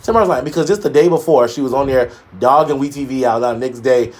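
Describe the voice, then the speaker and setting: A man's voice: quick pace, a little mellow. A man co-hosting a casual gossip talk show, sassy and emphatic, full of shade. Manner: sassy, shady, emphatic with big pitch jumps. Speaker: co-host.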